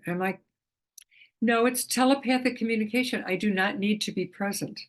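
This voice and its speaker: A middle-aged woman, an animal communicator, explaining her work in a casual talk to camera, chatty with frequent restarts and soft laughs. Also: mid-range voice, lively intonation, normal speed.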